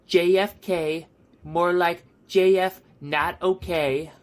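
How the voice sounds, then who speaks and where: A man doing a comedic impression of a boastful older male politician in a played voice message, speaking slowly and self-importantly. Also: sits high, fairly even intonation. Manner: slow, self-aggrandizing speech.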